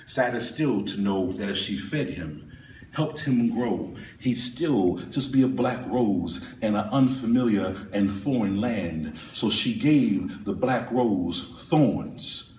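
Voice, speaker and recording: A man's voice: lowish voice, lively intonation, slow pace, darkish tone, a little hiss or hum. A man performing spoken word poetry live at a venue, with a rhythmic, dramatic delivery. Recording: echoey room, voice far off.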